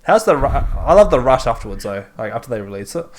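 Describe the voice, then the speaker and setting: A man's voice: medium pitch, sing-song, fast. A man, co-hosting a casual podcast and teasing his friend with dry one-liners. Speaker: podcast co-host. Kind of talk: casual chat.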